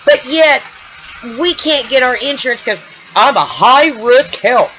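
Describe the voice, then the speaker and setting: A woman's voice: sits high, animated, measured pace, a bit bright, dull audio, slight background noise. A woman from the United States venting angrily in a personal vlog, stumbling and repeating herself and sounding a little loopy. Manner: angry, venting, stumbling over words. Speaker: vlogger. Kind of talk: emotional personal vlog rant. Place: home room.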